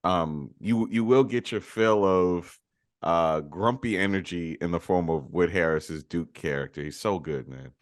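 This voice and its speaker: A man's voice: low-pitched, unhurried, no room sound, clean studio sound. A man co-hosting a movie review podcast, chatty and opinionated in casual conversation. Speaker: podcast co-host.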